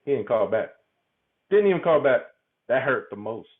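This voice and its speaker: A man talks openly as an interview guest in a middle-pitched voice. He laughs easily and trips over his own words, repeating them as he finds his way. His voice comes through thin and tinny, as if over a phone line. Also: sing-song, moderate pace. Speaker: podcast guest. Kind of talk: candid conversational interview.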